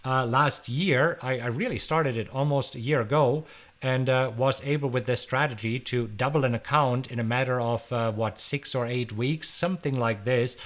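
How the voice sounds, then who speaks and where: Fielding viewer questions on his live stream, a middle-aged host from Germany talks energetically and chattily, often repeating himself. He has a German accent, a medium pitch and a moderate pace.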